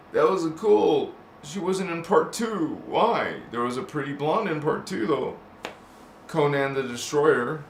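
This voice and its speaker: Slow and animated, with frequent pauses, this middle-aged host speaks in a slightly high voice as he reads viewer comments on his live stream. He drifts into tangents and laughs often, and the audio has a roomy echo and slight background noise.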